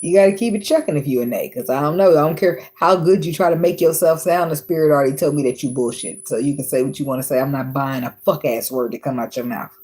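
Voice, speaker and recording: A woman's voice: deep voice, fast, few pauses, a little mellow, breathy edge. A woman giving a casual tarot reading, talking bluntly with plenty of profanity and frequent laughs. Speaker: tarot reader.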